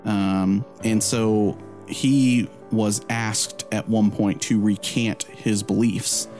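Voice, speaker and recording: Low-voiced chatty male podcast co-host. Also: fairly even intonation, slow pace, a little mellow, soft background music. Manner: loose and chatty, many "um" and "like" fillers, laughs easily. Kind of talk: casual chat and spoken prayer.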